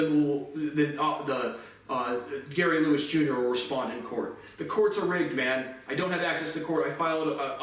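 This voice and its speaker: Bitter man, very echoey distant sound. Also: fairly high pitch. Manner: bitter, intense, repetitive complaints. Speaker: vlogger. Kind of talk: aggrieved rambling monologue. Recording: very echoey room, voice distant from mic.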